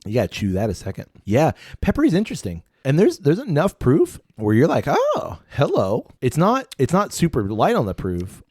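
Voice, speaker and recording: A man's voice: medium pitch, wildly swooping pitch, brisk, hardly any pauses, darkish tone, no echo, clean studio sound. A man co-hosting a podcast, chatting casually at a whiskey tasting, laughing often and thinking aloud. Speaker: podcast co-host.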